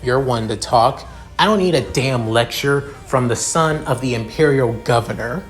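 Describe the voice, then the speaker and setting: A man voicing a haughty young male noble heir who speaks in a cool, measured, condescending way. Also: mid-range voice, faint music behind, close to an everyday voice. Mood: scornful.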